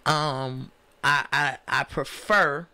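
A woman's voice: rumbling low, slow, smooth. A woman in her fifties, a comedian and radio personality guest, telling stories in a casual interview and acting out the people in them. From Highland Park, Michigan. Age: 50s. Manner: animated storyteller, acts out voices in anecdotes.

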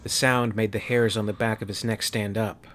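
Brief: male narrator, low voice, measured dramatic reading. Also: little pitch movement, a bit bright. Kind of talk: sci-fi story narration.

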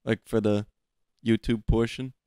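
A young man guesting on a podcast, trading quick jokes and crude quips in casual chat. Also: lowish voice, level tone, mellow, clear, resonant tone, no echo, clean studio sound. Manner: jokey, quick quips and goofy voices.

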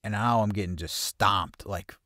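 A man with a low voice tells a personal story in a casual, profane, streetwise way. He breaks into loud acted-out voices of the people involved. The recording is close and dry, with no room sound. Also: moderate pace, no room sound. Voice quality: heavy swearing, acts out quoted voices loudly. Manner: blunt, streetwise, animated retelling. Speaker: podcast host telling a personal story.

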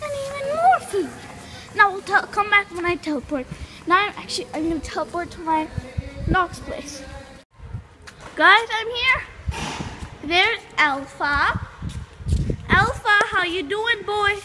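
Very high-voiced chatty gaming host. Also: female voice, lively intonation, unhurried, pauses often. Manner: chatty, calls out loudly to pets. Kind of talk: casual gameplay commentary. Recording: clear background noise.

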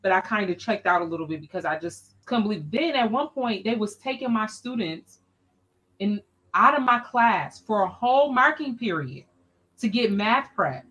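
A woman, an education scholar, telling a personal story as a podcast guest in an animated, expressive, colloquial way. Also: medium pitch, moderate pace, muffled recording.

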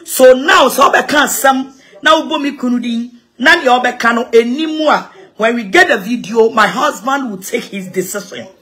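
A Ghanaian woman evangelist giving an impassioned, animated address, repeating herself and laughing between points. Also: on the high side, normal speed. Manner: animated, repetitive, mixing local-language phrases, laughing asides. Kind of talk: impassioned social media address.

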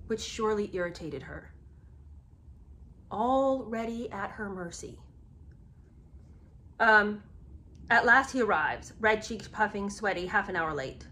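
Animated, indignant woman with lively pitch. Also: moderate pace, pauses often. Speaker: commentator. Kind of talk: casual commentary on a book.

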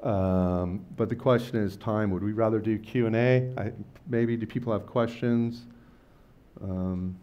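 A middle-aged man speaking at a lecture event, telling stories in a loose, rambling, slangy way and acting out quotes with sudden jumps in pitch and loudness. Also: fairly even intonation, unhurried, dull audio. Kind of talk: casual storytelling talk. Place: lecture venue before a live audience.

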